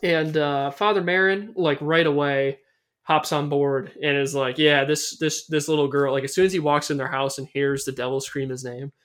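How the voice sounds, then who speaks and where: A man's voice: on the high side, steady tone, moderate pace, fairly bright tone. A young man casually recapping a horror film on a podcast, rambling and swearing, with lots of fillers. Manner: loose and rambling, swears a lot, many fillers. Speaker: podcast host. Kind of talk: casual movie recap chat.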